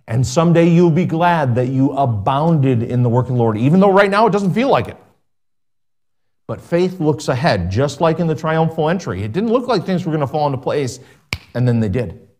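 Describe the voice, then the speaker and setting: A man preaching a sermon as pastor, slowing down to stress words and dropping to a soft voice at the ends of phrases. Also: mid-range voice. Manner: preaching with slow emphatic stretches and soft drops.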